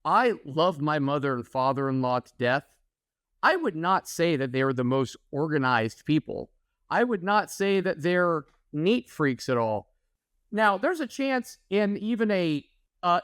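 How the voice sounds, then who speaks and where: Podcast co-host, man from Oklahoma, animated storyteller, slightly high voice. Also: clear, resonant tone, dry recording, clean studio sound. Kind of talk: casual podcast chat.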